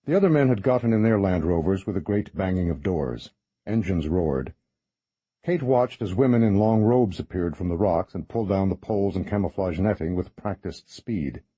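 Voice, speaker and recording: A man reading a horror novel as narrator in a measured, even way. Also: deep voice, slightly rough, dry recording, dull audio. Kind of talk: scripted audiobook narration.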